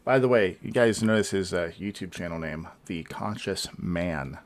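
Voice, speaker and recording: A male host giving thoughtful reaction commentary, pausing often with hesitant fillers. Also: deep voice.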